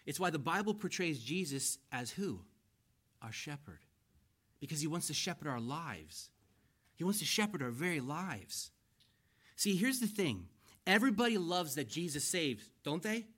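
A pastor preaching a conversational sermon. He reads scripture slowly and with emphasis, then explains it and asks the listeners questions. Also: fairly high pitch, sing-song, a bit bright, husky.

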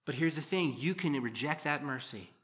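Bright-voiced preacher, conversational. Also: male voice, a little high, expressive, normal speed. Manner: conversational, joking asides between read verses. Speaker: pastor. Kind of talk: sermon reading and explaining scripture.

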